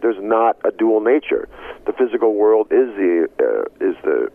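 A man, an actor guest in an interview, talking in an expressive, rambling way that swings between loud excitement and low murmurs. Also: measured pace, gravelly. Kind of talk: animated interview talk. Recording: tinny phone line.

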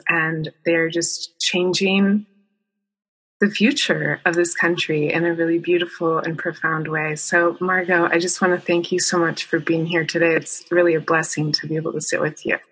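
Lady podcast host, lowish voice, gushy and effusive. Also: husky. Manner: warm, effusive praise with soft asides. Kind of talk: podcast interview.

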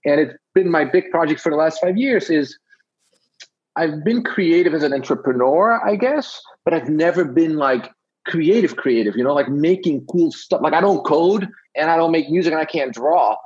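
A husky man from Belgium, his English carrying a Dutch-tinged accent, rambles through stories as a guest in a casual interview. His voice sits a little high, and the recording sounds dull and lo-fi. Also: lively intonation, moderate pace, darkish tone. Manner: rambling, storytelling, acts out quotes. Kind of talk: casual chat.

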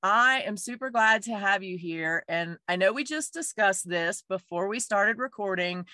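A woman's voice: medium pitch, pushed and bright, no echo. A woman hosting a podcast, with an upbeat, friendly and polished delivery. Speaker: podcast host.

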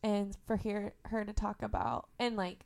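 A young woman from Indiana chats as a podcast guest, her mid-range voice carrying a gravelly edge of vocal fry. She tells stories with animation and laughs easily along the way. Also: mid-range voice, moderate pace. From Indiana, USA. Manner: animated storyteller, laughs often. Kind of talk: casual interview chat.

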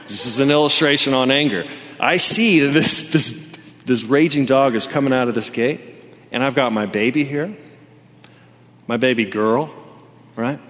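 A man in his thirties gives a sermon in a church, telling stories in a loose, animated way full of casual fillers. His voice sits at an ordinary middle pitch. The sound rings with the long reverb of a large hall. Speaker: pastor. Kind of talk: sermon with personal story.

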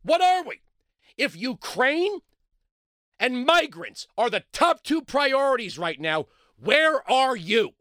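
A man hosting a talk radio show, delivering a sarcastic, mocking monologue that swings between loud outbursts and low mutters. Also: sing-song, takes it slowly, no room sound, clean studio sound.

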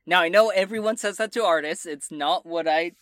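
A woman's voice: on the low side, fairly quick, dry recording, studio quality. A woman narrating and voicing characters as game master of a tabletop role-play, casual and hesitant.

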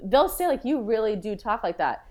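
A woman's voice: a little high, big pitch swings, normal speed, crowd noise. A woman guest in a casual interview, a frank verbal processor who thinks aloud with many restarts. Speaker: podcast guest.

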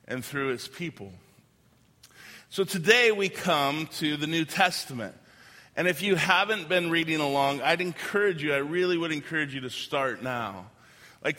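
A man's voice: a little high, pushed and bright. A male pastor preaching a sermon in a conversational, joking way, full of casual fillers. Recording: long hall reverb.

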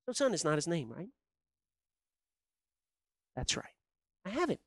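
Man, preacher, sermon, high voice, conversational, animated, dry sound. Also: unhurried, pauses often, dry recording. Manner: animated, conversational storytelling with a crowd.

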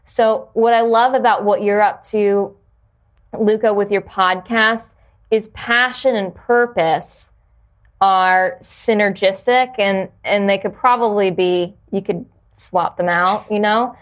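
A woman's voice: medium pitch, steady tone, slow. A woman guest on a podcast, talking earnestly and reflectively about purpose, with frequent restarts. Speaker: podcast guest, yoga teacher. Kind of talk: casual interview conversation.

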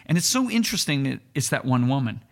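A man co-hosting a faith podcast, telling Bible stories in an earnest, animated way with frequent restarts. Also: medium pitch, quick pace. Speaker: co-host. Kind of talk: casual Bible teaching chat.

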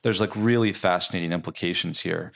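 Male author as interview guest, low voice, reflective and explanatory. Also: fairly quick, vocal fry, a bit bright. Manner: thoughtful, explaining ideas with many filler likes.

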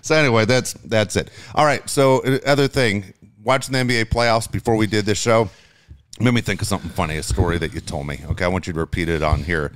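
Middle-aged dad co-host, low voice, swearing and lively, dry close sound. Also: male voice, fast, no room sound. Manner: animated, profane storytelling. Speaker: podcast co-host, father. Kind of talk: casual chat.

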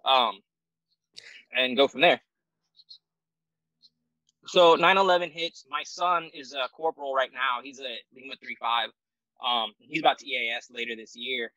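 A man in his forties with a bright, forceful voice, recorded close and dry. He talks as a guest in a casual interview, rambling and self-deprecating with lots of ums and restarts. He comes from the United States. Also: mid-range voice, steady tone, unhurried, long pauses, no echo, low-quality recording. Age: 40s. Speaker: guest, military veteran.

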